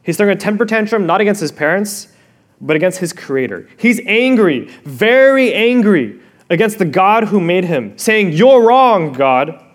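A male pastor preaching a sermon, expressive, dropping to a hush and rising again, asking the listeners questions directly. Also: high voice, moderate pace. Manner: expressive, swings from loud to hushed.

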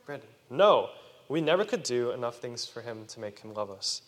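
A man preaching a sermon to children, animated and asking his listeners questions. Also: medium pitch, normal speed. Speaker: youth preacher. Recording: long reverb of a hall.

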